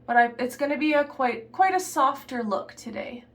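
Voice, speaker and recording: A woman chatting casually through a makeup tutorial in a relaxed, offhand way, slipping into a put-on Southern belle accent. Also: high voice, normal speed, reverberant, recorded from a distance. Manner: relaxed, chatty, trailing off and restarting while applying makeup. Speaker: beauty vlogger.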